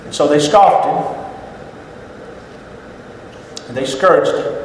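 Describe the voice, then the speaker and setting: High-voiced preacher in an echoing hall. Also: male voice, moderate pace. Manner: dramatic, rises to shouts and drops to a hush. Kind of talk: sermon. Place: church sanctuary. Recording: very echoey hall with faint noise.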